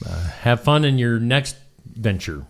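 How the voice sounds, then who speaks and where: A man's voice: mid-range voice, animated, a little slow, vocal fry. A man co-hosting a morning radio show, joking casually and breaking into silly voices and bits of song.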